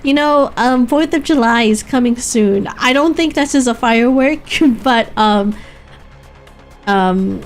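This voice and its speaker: Giggly streamer woman, bright-pitched voice. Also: measured pace, soft background music. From Canada. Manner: giggly, laughs often, restarts mid-sentence. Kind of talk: casual gaming stream chat.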